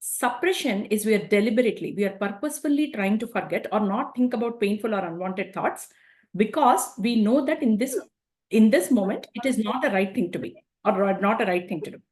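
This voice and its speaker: A woman's voice: mid-range voice, expressive, fairly quick, a little mellow. A woman giving a spoken self-help talk in a conversational way, often adding tag questions as she explains. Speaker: speaker on emotions.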